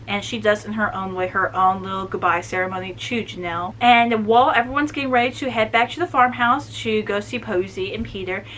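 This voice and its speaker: A woman's voice: medium pitch, a little hiss or hum, low-quality recording. A woman giving a casual, chatty book review recap, talking animatedly and filling her sentences with "like". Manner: chatty and animated, many "like" fillers.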